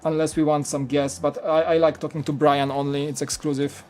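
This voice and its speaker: A chatty man in his thirties hosts a casual live stream, his voice sitting fairly high. He laughs often as he talks. Soft music plays underneath. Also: little pitch movement, brisk.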